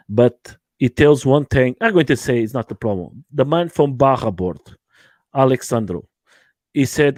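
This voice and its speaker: A man hosting a livestream from his home, speaking halting non-native English with many fillers and restarts in a casual interview chat. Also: medium pitch, darkish tone, dry recording. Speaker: livestream host.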